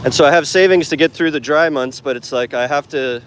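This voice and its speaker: With a fairly high, smooth voice and a fairly quick pace, a man rambles through a casual live stream, lots of fillers included. He's an English teacher and vlogger walking a city street with his phone camera in hand.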